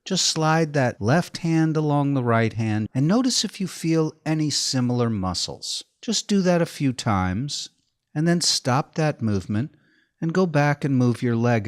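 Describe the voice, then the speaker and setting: Man, movement instructor, guided body-awareness lesson, calm step-by-step cues, lively melodic delivery, dry close sound. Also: a little high, no echo. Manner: slow, calm step-by-step directions.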